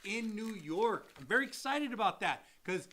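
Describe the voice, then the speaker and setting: A man's voice: high-pitched, big pitch swings, moderate pace, sharp tone, slight background noise. A man working as a mortgage loan officer, co-hosting a casual live Q&A and explaining loans with acted-out examples and repeated phrases.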